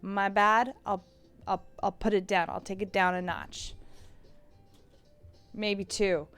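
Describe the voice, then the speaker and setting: A slightly hoarse woman streamer chatting casually and self-mockingly as she plays a game. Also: medium pitch, little pitch movement, takes it slowly, fairly bright tone, faint music behind. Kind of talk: casual live-stream chat.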